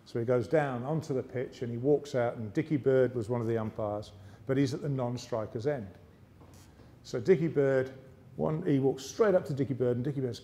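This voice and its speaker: An English man giving a motivational speech on stage, telling a lively story and slipping into other people's voices. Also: medium pitch, fairly quick. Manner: lively yarn-spinning with character voices. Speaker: motivational speaker. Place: arts centre stage, live audience.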